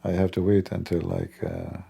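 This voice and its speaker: A man speaking slow, simple English with non-native grammar, laughing and teasing as he talks. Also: low-pitched, big pitch swings, creaky, mellow, husky. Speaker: livestream host. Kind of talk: casual mocking commentary.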